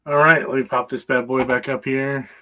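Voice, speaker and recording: A man's voice: mid-range voice, level tone, moderate pace, pushed and bright, a little hiss or hum. A man co-hosting an online show, chatting casually and muttering to himself as he looks for his notes. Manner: muttering to himself while scrolling. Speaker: co-host. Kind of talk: casual chat.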